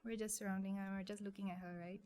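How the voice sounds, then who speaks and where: A young woman, telling a personal story in an interview, speaking softly and haltingly with many restarts. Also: mid-range voice, little pitch movement. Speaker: guest.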